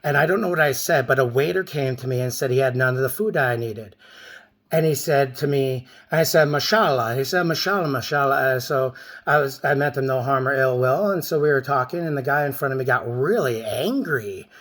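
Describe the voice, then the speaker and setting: A man in his thirties telling a rambling, intense personal story to the camera, with sudden loud outbursts. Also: mid-range voice, brisk.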